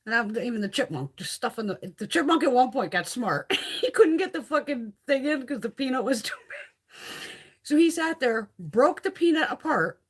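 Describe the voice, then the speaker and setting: A woman's voice: fairly high pitch, big pitch swings, normal speed, husky. Chatty, foul-mouthed woman livestreaming. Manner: chatty, profane, reads and answers viewer comments. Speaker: livestream host. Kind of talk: casual livestream chat.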